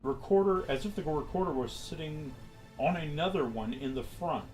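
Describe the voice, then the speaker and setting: A man's voice: a little high, soft background music. A man running a tabletop horror game, narrating scenes and describing clues. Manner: unhurried, expressive narration. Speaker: game master.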